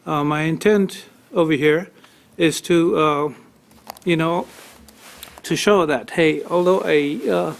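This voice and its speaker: A man testifying at a tax appeal hearing, halting and full of fillers as he grows emotional telling his story. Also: a little high, creaky. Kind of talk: unscripted testimony.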